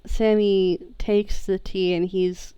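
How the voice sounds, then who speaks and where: A woman playing a tabletop role-play game, describing her character's actions in a slow, tentative way. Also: medium pitch, level tone, mellow, clean tone, dry recording. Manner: slow, tentative, asks before acting. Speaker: player.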